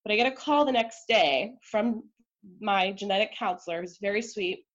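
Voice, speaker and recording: A woman in the middle of her pitch range tells her own story as a podcast guest. She is emotional and talkative, with frequent "like"s and quick asides. The recording sounds a little dull and lo-fi. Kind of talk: candid personal storytelling.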